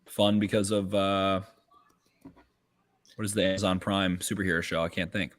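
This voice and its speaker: A man co-hosting a podcast, giving quick, profane football analysis in casual chat. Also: sits low, level tone, a bit bright. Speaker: podcast co-host. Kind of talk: casual draft-night chat.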